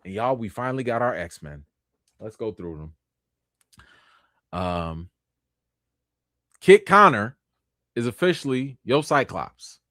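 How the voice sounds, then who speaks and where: Animated man hosting a livestream. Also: mid-range voice, slow pace, pauses often, no room sound, studio quality. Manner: emphatic, animated, repeats points for effect. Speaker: livestream host. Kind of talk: casual commentary livestream.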